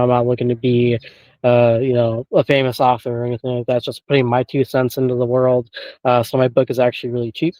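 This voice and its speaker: A man's voice: medium pitch, dry recording. A man chats as an interview guest, wandering through his points with plenty of filler and easy chuckles. His voice comes through a slightly muffled, lo-fi call. The sound is dry, with no room around it. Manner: rambling, heavy on filler phrases, chuckles often. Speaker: guest paranormal investigator. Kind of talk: casual interview chat.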